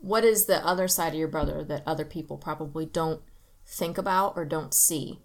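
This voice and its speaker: A woman hosting a casual family podcast as a mother. She gently prompts her child with leading questions. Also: deep voice, a little fast.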